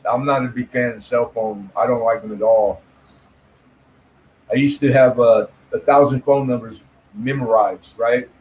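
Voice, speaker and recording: A man's voice: mid-range voice, steady tone, moderate pace, a little mellow, a little hiss or hum, rough recording. A man telling loose stories and jokes in casual chat, swearing freely and laughing often. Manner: profane storyteller, laughs often.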